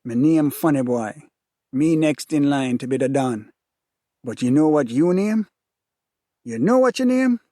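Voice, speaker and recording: A man's voice: medium pitch, measured pace, warm tone, no room sound, studio quality, close to an everyday voice. A man with a Jamaican accent voicing a cruel, taunting gang enforcer who repeats his insults.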